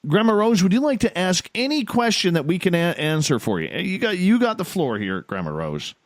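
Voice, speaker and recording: A man's voice: high-pitched, very animated, brisk, no room sound. A man with a Canadian accent hosting a radio show, enthusiastic and playful with callers. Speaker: radio host. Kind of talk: casual radio talk.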